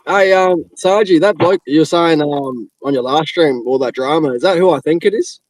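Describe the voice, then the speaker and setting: A man chatting on a live stream call, relaxed and swearing, with plenty of fillers. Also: fairly high pitch, normal speed, no echo. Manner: laid-back, swearing, trails off with fillers. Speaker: guest on call. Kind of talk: casual chat.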